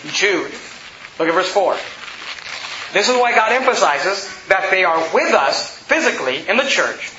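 A pastor delivering an emphatic sermon, a man who rises to shouts and reads scripture aloud to his congregation. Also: high-pitched, big pitch swings, unhurried, slight background noise. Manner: emphatic preaching, rising to shouts. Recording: echoey room, dull lo-fi sound.

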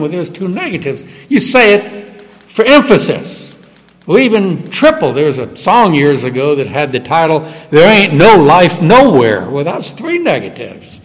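A man preaches with a somewhat high voice that swings widely in pitch, leaning hard into every quoted verse. He is heard in a church sanctuary, and his voice trails off in a long reverb. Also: big pitch swings, unhurried. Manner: emphatic, rising sharply on quoted verses. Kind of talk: sermon.

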